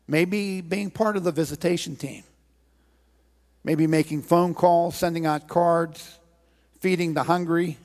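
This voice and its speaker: His voice is fairly high yet gravelly with a darkish tone. As a pastor preaching in church, he retells a scripture story with earnest pleading and urges listeners to act, the long reverb of a large hall surrounding him.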